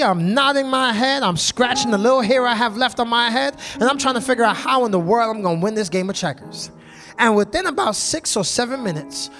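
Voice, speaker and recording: A male preacher tells a story from the pulpit in a very high voice. He keeps checking in with the congregation and asking for an amen. Soft music plays behind him in the church. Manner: call-and-response, repeatedly asks the congregation "y'all". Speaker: pastor. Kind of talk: storytelling sermon.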